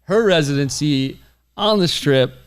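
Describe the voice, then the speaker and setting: Man hosting a chatty podcast, upbeat, fairly high voice, clear and smooth tone. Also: expressive, unhurried. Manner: upbeat, chatty, laughs often. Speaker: podcast host. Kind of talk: casual group chat.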